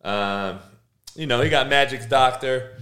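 Male podcast host, casual solo rant, crude and rambling, middle pitch. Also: measured pace. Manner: profane, rambling, animated swings in pitch. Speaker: coach.

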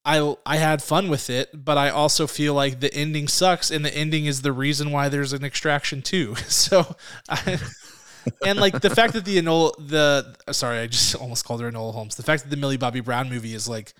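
Smooth-voiced man in casual podcast chat. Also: fairly high pitch, steady tone, a little fast, fairly bright tone. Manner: rambling, laughs often, searches for words. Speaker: podcast co-host.

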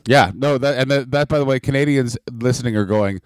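Man, podcast co-host, deadpan, crude humor, mid pitch, dry close mic. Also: a little fast, no room sound. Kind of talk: crude comedic chat.

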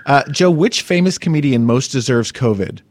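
A man hosting a podcast, asking questions in an excitable, cheeky way and swearing freely. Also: mid-range voice, normal speed, dry recording. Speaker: podcast host. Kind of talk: casual interview chat.

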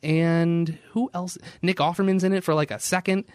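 A man's voice: a little high, fairly even intonation, moderate pace, darkish tone, clean tone, no echo. A young man in casual chat as a podcast guest, playful, laughing often and tossing in jokey asides.

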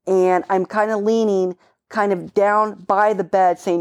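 A woman's voice: mid-range voice, brisk, a little mellow. A middle-aged woman police officer recounting a call in casual conversation, vivid and emphatic, with blunt, casual swearing.

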